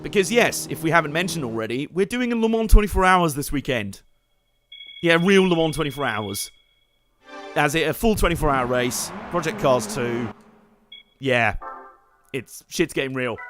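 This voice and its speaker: A man giving joking, excitable live commentary while playing a racing game and chatting to his viewers. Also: on the high side, moderate pace, pauses often, faint music behind. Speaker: streamer. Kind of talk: live let's-play commentary. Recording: game car noise underneath.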